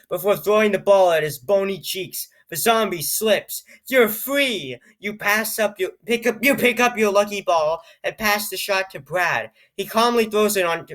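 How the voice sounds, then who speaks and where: On his own channel, a man with a high, slightly bright voice performs a comedic reading of a nonsense story. He hams it up in a mock-dramatic, playful style, cracking jokes and laughing between lines.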